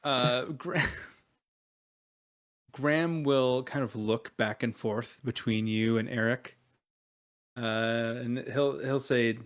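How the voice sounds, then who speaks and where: A man narrating his character in a tabletop game in a drawn-out, hesitant way. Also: medium pitch, clean tone. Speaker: tabletop player.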